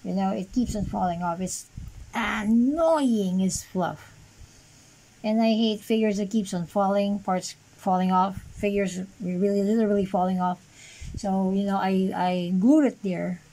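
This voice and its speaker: A woman's voice: medium pitch, little pitch movement, normal speed, warm tone, poor audio. A woman casually reviewing an action figure on camera, rambling with lots of fillers and dry sarcastic asides. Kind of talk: casual unscripted toy review.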